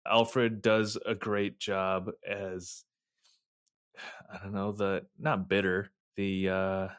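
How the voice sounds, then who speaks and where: Laid back guy with a lowish voice, kinda hesitant, podcast chat, dry mic. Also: little pitch movement, slow pace, no echo.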